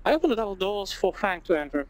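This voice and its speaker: A man's voice: high-pitched, very animated, quick pace, poor audio. A man playing a visual novel, reading it aloud with chatty, wry asides. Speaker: video game let's player. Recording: background game music.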